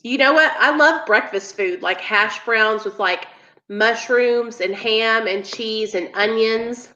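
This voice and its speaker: A woman's voice: fairly high pitch, slow, pushed and bright, muffled recording. A woman co-hosting a casual live stream and talking to viewers in a chatty way. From American South. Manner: chatty, addresses viewers as y'all. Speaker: co-host.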